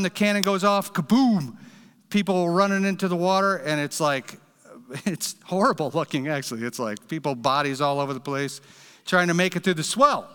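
A man's voice: high-pitched, bright, forceful tone, clear, resonant tone. Man, pastor, sermon, earnest direct storytelling, long hall reverb.

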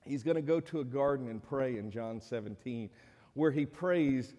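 A man preaches a sermon in a relaxed, conversational way and speaks the quoted lines in a higher, livelier voice. His voice sits at an ordinary middle pitch. The sound carries a long reverb, as in a large hall. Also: normal speed. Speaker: pastor.

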